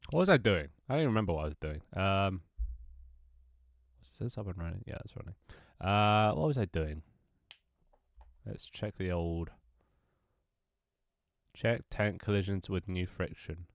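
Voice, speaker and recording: A man's voice: sits low, animated, moderate pace, pauses often, no room sound, studio quality. Stuffy-nosed man streaming. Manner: rambling, self-mocking, swears casually. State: stuffy, congested nose. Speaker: game developer streaming live. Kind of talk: casual live-stream chat.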